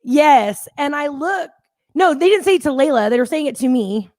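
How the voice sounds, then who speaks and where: A woman's voice: high-pitched, expressive, normal speed, darkish tone. A woman co-hosting a casual chat show, telling stories in a blunt, fiery way. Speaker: co-host.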